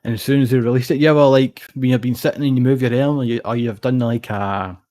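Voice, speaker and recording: A young man with a Scottish accent tells a story at a rapid clip. He rambles and swears freely in relaxed podcast chat. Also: medium pitch. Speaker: podcast co-host. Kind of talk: casual chat.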